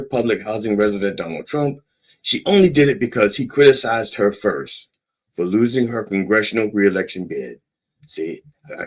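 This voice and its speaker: A man's voice: fairly low pitch, slightly rough. A man hosting a podcast, reading news items and breaking off into profane, sarcastic asides in a mock-preacher manner. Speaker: podcast host. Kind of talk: irreverent satirical commentary.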